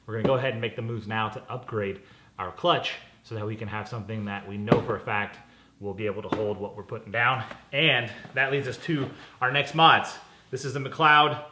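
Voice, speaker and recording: A man's voice: lowish voice, fairly even intonation, a little fast, reverberant, background noise. A man hosting a casual car parts unboxing vlog, talking in a chatty, upbeat way and correcting himself as he goes. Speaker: car channel host.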